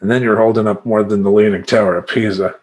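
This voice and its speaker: This man, speaking in a lowish voice and talking fast, plays a life coach giving a motivational monologue. He is animated and emphatic, repeating affirmations in a rhythmic chant.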